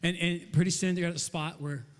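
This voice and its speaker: A pastor preaching a sermon with passion, building rhythmic lists and dropping to near-whispers for emphasis. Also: male voice, on the high side, steady tone, brisk. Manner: repeats phrases in rhythmic lists. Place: church auditorium. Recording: long reverb of a large hall.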